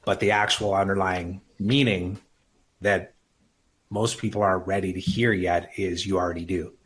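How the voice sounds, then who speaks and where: A man in his thirties speaks with heartfelt, emphatic conviction as a podcast guest. His voice sits on the lower side, and he drops the odd casual curse word. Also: steady tone, normal speed, a little hiss or hum. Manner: earnest, emphatic, swears casually. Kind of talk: emotional personal conversation.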